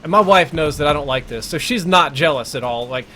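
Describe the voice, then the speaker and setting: A man's voice: on the high side, animated, fairly quick, bright, forceful tone, a little hiss or hum. A man streaming live gameplay, telling a long crude story in a rambling, self-interrupting way. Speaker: gaming streamer.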